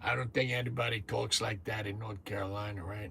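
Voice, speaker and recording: Chatty fifties man with a bright voice. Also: lowish voice, steady tone, a little fast, gravelly, slight background noise. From New Jersey. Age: 50s. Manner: chatty, greets viewers by name, swears casually. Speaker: truck driver livestream host. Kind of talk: casual live chat. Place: truck cab on lunch break.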